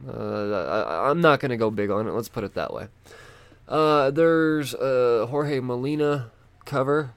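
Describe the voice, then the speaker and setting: A man's voice: medium pitch, vocal fry, no room sound. A man chatting casually about new releases, rambling and loosely profane, thinking aloud as he goes. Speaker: comic book vlogger. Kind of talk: casual chat.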